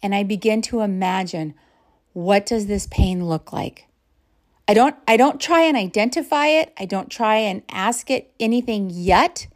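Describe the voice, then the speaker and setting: Slow, calm woman guiding mindfulness. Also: mid-range voice. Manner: slow, calm and reflective, drops to soft whispers at times. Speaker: podcast host. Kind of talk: guided mindfulness talk.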